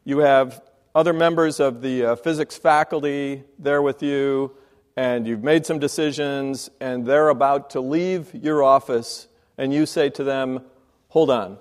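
A man's voice: mid-range voice, steady tone, unhurried, clear, resonant tone. A male journalist interviewing on stage, setting the scene with a leading question. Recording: long reverb in a large hall.

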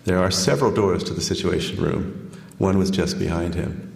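A man, an author, reading from his book and then taking questions, measured when reading and full of fillers when answering. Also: low voice, creaky, darkish tone. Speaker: author giving a talk. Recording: echoey hall, long reverb.

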